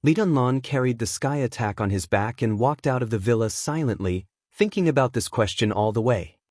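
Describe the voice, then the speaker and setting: Guy reading a fantasy audiobook, steady and even, mid voice, super dry sound. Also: mid-range voice, brisk, dry recording. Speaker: audiobook narrator. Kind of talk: scripted audiobook narration. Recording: dry close-miked studio sound.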